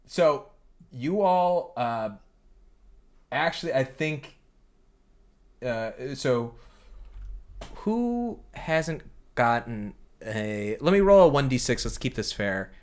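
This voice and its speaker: A man running a streamed tabletop game as game master, chatty, with frequent fillers and quick laughs. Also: mid-range voice, expressive.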